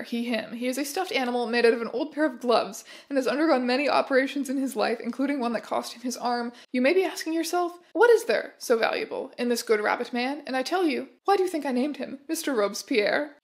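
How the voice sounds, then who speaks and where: A woman hosting, reading viewer submissions aloud and adding dry, sarcastic asides. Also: fairly high pitch. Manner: dry, sarcastic asides between read-out posts. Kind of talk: casual commentary reading submissions.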